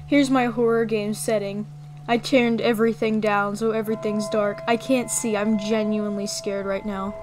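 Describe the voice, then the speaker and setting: A young woman giving casual, playful commentary as she plays a game, excitable and full of gasps and mock panic. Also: mid-range voice, normal speed, over music. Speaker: gaming video creator.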